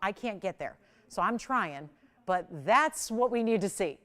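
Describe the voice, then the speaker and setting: A woman hosting a live jewelry shopping show, chatting and selling with upbeat patter and bursts of excitement. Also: medium pitch, a little slow. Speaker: shopping channel jewelry host. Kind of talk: live home shopping presentation.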